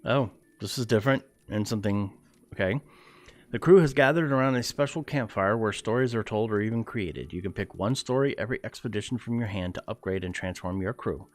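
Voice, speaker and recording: A man giving casual gameplay commentary, reading game text aloud in an easygoing way and thinking out loud with jokey asides. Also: lowish voice. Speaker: let's play gamer.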